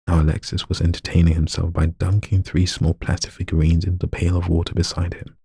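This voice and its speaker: Guy reading a story out loud, deep husky voice, keeps redoing lines n joking about it. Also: no room sound. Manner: stumbles and retakes lines, joking with himself. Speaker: story narrator.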